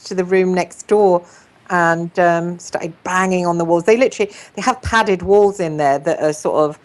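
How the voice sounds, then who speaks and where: Woman therapist hosting a chat show, kinda low voice, rambly with lots of ums. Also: steady tone, moderate pace. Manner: storytelling, many ums and restarts. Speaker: psychotherapist and show host. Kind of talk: casual group chat.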